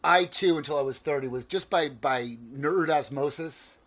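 A man's voice: on the high side, normal speed. A man in his forties with a New Jersey accent, talking in a casual, digressive way with frequent restarts. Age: 40s. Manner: animated, digressive, stammers and restarts, swears casually. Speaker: podcast co-host. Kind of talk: casual chat.

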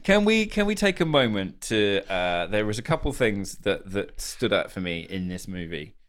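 A man's voice: on the low side, moderate pace. A man co-hosting a podcast, sharing film trivia in playful casual chat. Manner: playful, lively storyteller. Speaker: podcast co-host.

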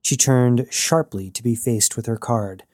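A man narrating a science fiction story in an even storytelling read. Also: mid-range voice, a little slow, dry recording, clean studio sound. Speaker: audiobook narrator. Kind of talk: scripted narration.

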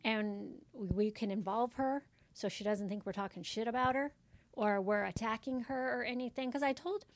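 A woman's voice: a little high, normal speed, no echo. A woman chatting casually and venting about a coworker at her medical office, acting out conversations as she tells them. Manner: animated storytelling, acts out quoted voices.

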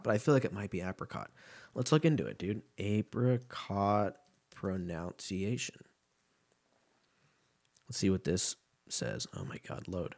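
A man in his thirties talks in a loose, rambling podcast monologue. His voice sits a little low, and he swears freely and jokes as he goes, like a host chatting off the cuff. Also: big pitch swings, unhurried, creaky, pauses often, darkish tone. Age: 30s. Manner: profane, rambling, joking.

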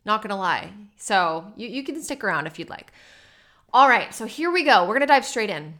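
A young adult woman hosting her own podcast, talking unscripted and candidly with chatty, animated asides. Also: medium pitch, moderate pace. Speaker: podcast host. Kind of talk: unscripted solo podcast talk.

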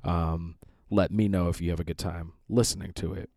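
A man with a very low voice introduces his podcast in a loose, rambling way, pausing on fillers. The recording is dry and close, with no room sound. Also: dry recording. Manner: relaxed, rambling with many fillers. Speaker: podcast host. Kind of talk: casual spoken intro.

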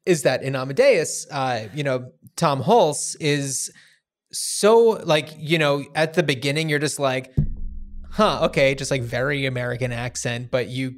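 A man's voice: medium pitch, a little slow. A man in a casual film chat, loose and conversational, with fillers and a curse now and then.

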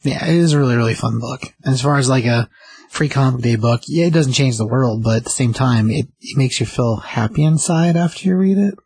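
A man co-hosting a podcast, talking in a relaxed, easygoing way with halting restarts. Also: mid-range voice, a little hiss or hum. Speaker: podcast co-host, comic reviewer. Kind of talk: casual chat.

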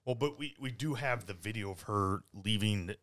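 A man's voice: lowish voice, normal speed, a bit bright. A man co-hosting a true-crime podcast, who talks casually, agrees often and hesitates over his words. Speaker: podcast co-host.

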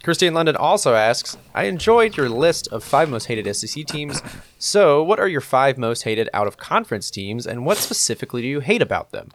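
A man's voice: mid-range voice, very animated, brisk. Blunt dry-humored male podcast host. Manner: dry, blunt, clipped jokes. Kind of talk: casual sports podcast chat.

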